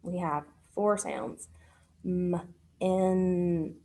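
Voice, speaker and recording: A woman teaching a phonics lesson to children, speaking patiently and pausing for their answers. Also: medium pitch, lively intonation, darkish tone.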